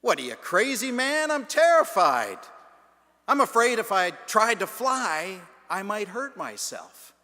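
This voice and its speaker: A man's voice: sits high, huge pitch swings, slow pace, sharp tone, pitched above the performer's own voice, exaggerated voice. A man voicing a plain-talking male crow who is afraid to fly, answering in blunt, exasperated retorts. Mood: alarmed. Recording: long church reverb.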